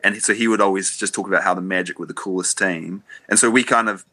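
Bright-voiced New Zealand man, laid-back. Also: low-pitched, fairly even intonation, quick pace, no echo. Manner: easygoing, laughs often, lots of fillers and restarts. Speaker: guest. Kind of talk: casual podcast chat.

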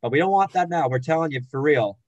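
A man's voice: a little high, lively intonation, quick pace, dry recording, dull audio. Jokey man reading out standings, dry sound. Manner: jokey, rattles off names and standings. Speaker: podcast host. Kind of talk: casual sports podcast chat.

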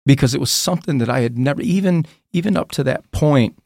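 A man, a podcast guest, candidly telling a painful personal story in a halting, emotional way, often repeating his words. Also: medium pitch, animated, creaky, darkish tone, no room sound, studio quality.

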